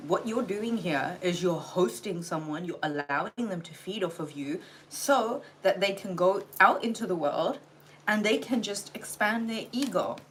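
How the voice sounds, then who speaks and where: A woman's voice: medium pitch, lively intonation, a little slow, a little hiss or hum, low-quality recording. A tired woman giving a blunt, exasperated livestream tarot reading, lecturing her viewers and swearing freely. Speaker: tarot reader.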